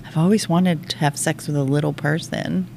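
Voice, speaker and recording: Gravelly mid-pitched voice reading a joke. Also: fairly even intonation, normal speed, darkish tone, slight background noise. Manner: reads a joke aloud, voicing the characters. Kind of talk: casual podcast chat.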